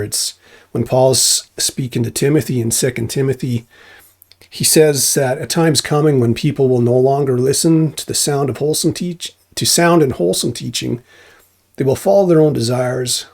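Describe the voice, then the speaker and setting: A man's voice: mid-range voice, creaky, a little mellow. A man giving an informal church testimony, earnest and rambling, often restarting his sentences.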